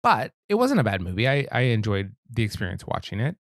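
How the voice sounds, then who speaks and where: A man co-hosting a film podcast, talking in a relaxed, laid-back way about movies. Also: lowish voice, fast, no room sound, clean studio sound. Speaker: podcast co-host. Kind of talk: casual film discussion.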